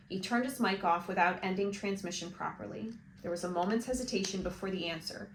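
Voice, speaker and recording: A woman reading a novel aloud for a book club, in a measured, expressive storytelling voice. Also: medium pitch. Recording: roomy with faint hiss.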